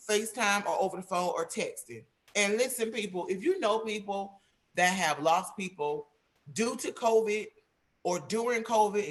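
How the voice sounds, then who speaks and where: Emphatic woman giving blunt advice. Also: medium pitch. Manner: emphatic, preachy, plain-spoken. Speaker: panelist. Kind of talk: earnest advice in an online panel.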